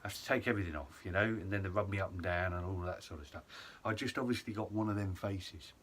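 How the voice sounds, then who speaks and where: A young man with a fairly low voice tells a story to his viewers in a loose, rambling, self-mocking way. Soft background ambience hums faintly behind him. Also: quick pace, a little hiss or hum. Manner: chatty, self-mocking, lots of ums and et ceteras. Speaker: vlogger. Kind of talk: casual storytelling to camera.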